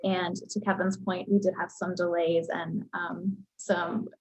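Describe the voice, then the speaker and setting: A woman's voice: on the low side, little pitch movement, measured pace, a little mellow, breathy edge, rough recording. A woman leading a program, speaking earnestly and thoughtfully with frequent ums on a webinar panel. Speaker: program leader. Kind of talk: casual webinar panel talk.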